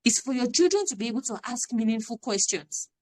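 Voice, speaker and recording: A woman's voice: on the high side, expressive, a little fast, a little mellow. A woman, giving an earnest, emphatic parenting talk on a live stream and repeating her key phrases. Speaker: parenting coach.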